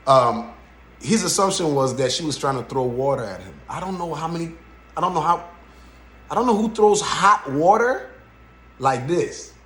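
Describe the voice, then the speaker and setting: A man hosting a podcast, giving casual reaction commentary in an animated way and often checking in with "right?". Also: a little high, moderate pace. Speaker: podcast host. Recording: roomy echo.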